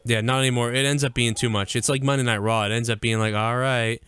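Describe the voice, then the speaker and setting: A man's voice: mid-range voice, little pitch movement, fast talker, a bit bright, smooth. A man co-hosting a live-streamed podcast in casual, crude banter, from the US Northeast. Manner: crude, profane, laughing banter. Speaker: podcast co-host.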